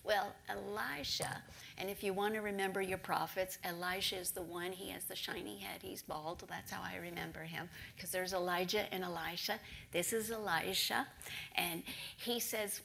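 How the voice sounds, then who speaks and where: A woman preaching a sermon, telling a story with animation and dropping into hushed whispers for emphasis. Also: mid-range voice, steady tone, normal speed, gravelly, a little hiss or hum.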